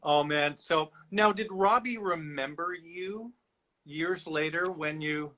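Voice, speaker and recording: A man hosting an interview in an enthusiastic, chatty way, quick to praise his guest. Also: on the high side, pushed and bright. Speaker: interviewer host. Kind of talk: casual interview chat.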